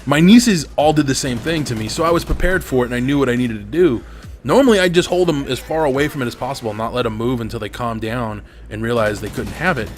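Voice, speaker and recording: A man's voice: mid-range voice, fast talker, slight background noise. A man venting with lots of swearing while commenting over his gameplay. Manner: profane, venting, angry. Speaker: gaming commentator.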